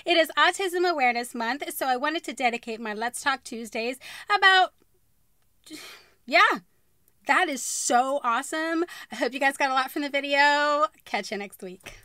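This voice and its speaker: A woman's voice: sits high, lively intonation, moderate pace, sharp tone, dry recording, clean studio sound. A young woman vlogging casually to camera, bubbly and laughing at her own retakes. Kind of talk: casual vlog to camera with bloopers.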